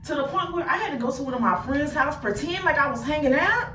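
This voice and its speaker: A woman telling her life story candidly and bluntly, cursing freely, talking straight to her listeners and swinging between loud outbursts and quiet asides. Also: high-pitched, animated, quick pace, far from the mic, a little hiss or hum. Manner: blunt and profane, addresses listeners directly. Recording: echoey room, speaker set back from the mic.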